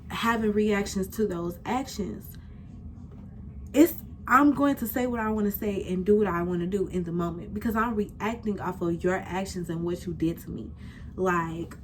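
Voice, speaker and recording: A young woman in her twenties hosts a podcast, speaking in a mid-range voice with slight background noise. She talks candidly and casually about her life, using slangy, heartfelt phrasing.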